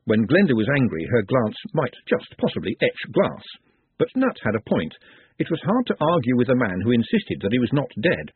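A man's voice: medium pitch, sing-song, normal speed, husky. A man narrating an audiobook expressively, with dry wit. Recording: tinny phone-like dry audio.

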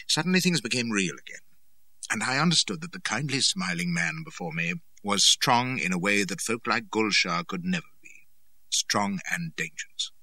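A man narrating a first-person adventure story, expressive and dramatic. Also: on the low side, dry recording. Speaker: audiobook narrator.

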